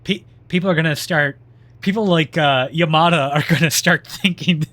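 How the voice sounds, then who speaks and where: A man's voice: a little high, moderate pace, fairly bright tone. A man streaming live gameplay, chatting and laughing often, trailing off mid-sentence.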